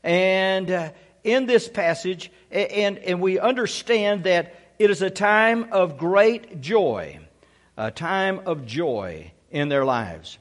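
A man's voice: high voice, lively intonation, slow. A male pastor preaching a sermon to his congregation in a folksy way, often saying "Amen.". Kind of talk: sermon with a humorous story. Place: church sanctuary.

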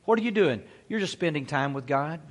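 Man, pastor, high voice, folksy sermon, keeps saying amen, church setting. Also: lively intonation, fairly quick. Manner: folksy, peppers speech with amen and praise God.

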